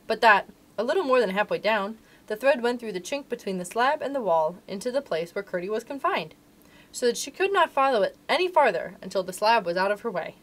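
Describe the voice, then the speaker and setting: A woman, a librarian, reading a storybook aloud to children in an expressive, animated way. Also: a little high, fairly quick.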